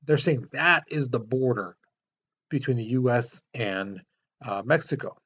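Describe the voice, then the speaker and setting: A man's voice: mid-range voice, unhurried, a bit bright, breathy edge. A man teaching a history lesson in a casual, explanatory way, pointing to a map with many fillers. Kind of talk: classroom lecture.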